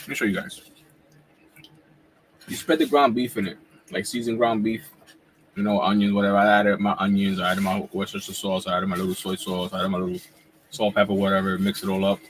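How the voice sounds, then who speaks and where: A man in his forties hosting a casual live wrestling reaction chat at home, talking in relaxed slang while he eats. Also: fairly low pitch, a little hiss or hum, rough recording. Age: 40s. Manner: laid-back slangy talk, eating while talking. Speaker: wrestling YouTuber host.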